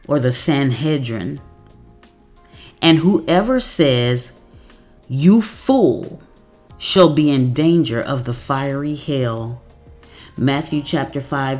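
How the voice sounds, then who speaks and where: A woman giving a devotional message, reading scripture verses slowly and deliberately. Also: extremely low pitch. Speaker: devotional speaker.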